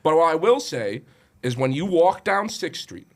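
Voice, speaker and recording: A man's voice: a little high, sing-song, moderate pace. A man who is a stand-up comedian, a guest on a podcast, making his points in an emphatic, opinionated way. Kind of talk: casual chat.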